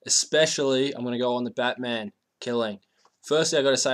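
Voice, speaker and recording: A man's voice: medium pitch, fairly quick. Crude swearing male ranter. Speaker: video ranter. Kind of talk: profane comic rant.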